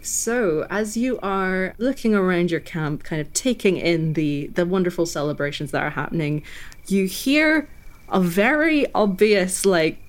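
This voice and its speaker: Low-voiced woman running a tabletop game. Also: expressive, unhurried, slight background noise. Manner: chatty, laughing narration. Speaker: game master.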